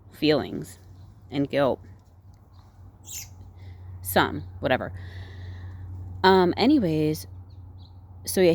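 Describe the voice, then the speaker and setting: Woman, low register, casual rambling movie-recap vlogger, heavy use of fillers and "right?" tags. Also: a little mellow. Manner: rambling, full of "like", "you know" and "right?". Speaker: movie reviewer.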